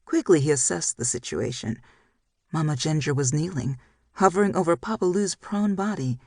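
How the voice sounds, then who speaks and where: An audiobook narrator reading a dramatic romance novel in a measured storytelling style. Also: mid-range voice, animated, darkish tone, dry recording, studio quality. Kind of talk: scripted narration.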